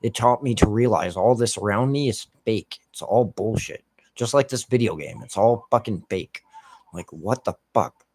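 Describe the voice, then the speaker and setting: A man's voice: on the low side, moderate pace, a little mellow, no room sound. A man from the United States ranting over gameplay as a gaming streamer, in heated, heavily profane rambling talk.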